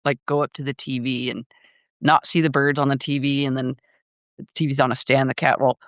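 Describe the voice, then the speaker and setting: A man's voice: mid-range voice, little pitch movement, a little fast, fairly bright tone, clear, resonant tone, no echo, clean studio sound. An older man hosting a casual live chat, rambling with lots of fillers and laughter. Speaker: live stream host.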